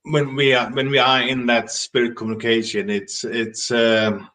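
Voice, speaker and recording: A man talking as a guest about spiritualism, reflective and halting, with frequent hesitations and restarts. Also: medium pitch, level tone, a bit bright. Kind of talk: casual spiritual discussion.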